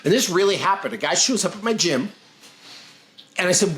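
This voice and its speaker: Blunt, lively-voiced man hosting a podcast. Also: sits high, brisk. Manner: blunt, emphatic, lecturing. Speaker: podcast host. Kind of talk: casual podcast chat.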